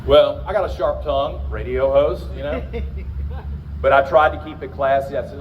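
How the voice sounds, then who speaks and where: A man's voice: mid-range voice, steady tone, moderate pace, recorded from a distance, muffled recording, slight background noise. A middle-aged man from Virginia, a candidate and radio host, giving an emphatic speech to a crowd at an outdoor rally. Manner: emphatic, rousing, addresses the crowd.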